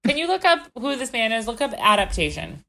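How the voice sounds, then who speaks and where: A young woman co-hosting a podcast in casual, animated chat, exclaiming and swearing as she goes. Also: fairly high pitch, fairly quick. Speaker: podcast co-host.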